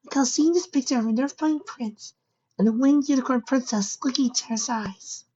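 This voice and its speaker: A woman's voice: high voice, normal speed, warm tone, breathy edge, muffled recording, voice pushed up. A woman voicing a frightened, earnest young filly pony in a storybook reading. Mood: curious.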